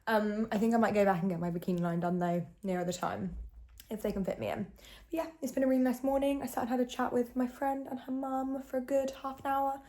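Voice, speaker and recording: A woman's voice: on the high side, steady tone, quick pace, dark tone. Chatty young woman vlogging. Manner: chatty, rambling, lots of ums and laughs. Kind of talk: casual chat. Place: home. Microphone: handheld camera.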